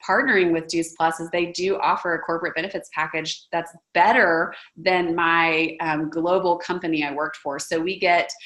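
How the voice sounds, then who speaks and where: A woman's voice: on the low side, fairly bright tone. A woman in her thirties with a Texas accent, giving an earnest personal testimonial with frequent ums. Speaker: network marketing presenter. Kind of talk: casual testimonial talk.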